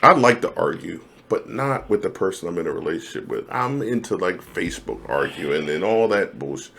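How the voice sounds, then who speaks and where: A man in his forties with a lowish voice chats casually with a friend on a podcast. He talks emphatically, and his voice leaps up when he gets animated. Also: fairly quick, creaky, a little hiss or hum. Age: 40s. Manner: emphatic, animated, jumps high when mimicking others. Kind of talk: casual chat.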